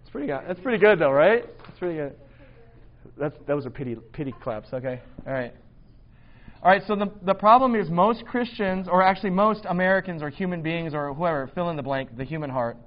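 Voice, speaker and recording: A man's voice: a little high, a little fast, muffled recording. Casual self-mocking man preaching. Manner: casual, self-deprecating, conversational. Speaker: pastor. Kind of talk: sermon. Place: church hall.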